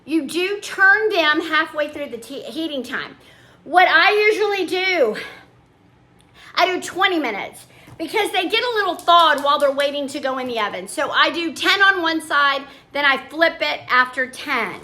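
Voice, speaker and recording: Chatty older woman with a bright high voice. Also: lively intonation, normal speed. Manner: chatty and homey, trailing off into asides. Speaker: vlogger. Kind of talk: casual chat.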